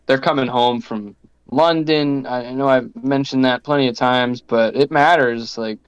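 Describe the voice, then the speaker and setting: Smooth-voiced man, blunt and matter-of-fact. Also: medium pitch, fairly even intonation, moderate pace, no echo, muffled recording. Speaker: podcast co-host. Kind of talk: casual live-stream chat.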